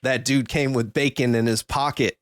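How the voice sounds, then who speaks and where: A man's voice: medium pitch, steady tone, moderate pace, clean tone, no echo, clean studio sound. Swearing man telling rambling stories. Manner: rambling anecdotes, heavy swearing. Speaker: podcast co-host. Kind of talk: casual podcast chat.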